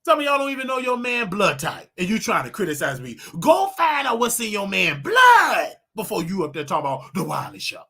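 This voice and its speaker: A man hosting his own show, ranting and preaching to his audience in a casual, animated way with loud outbursts. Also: high voice, a little fast, creaky, few pauses, breathy edge. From United States. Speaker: show host. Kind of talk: casual livestream rant.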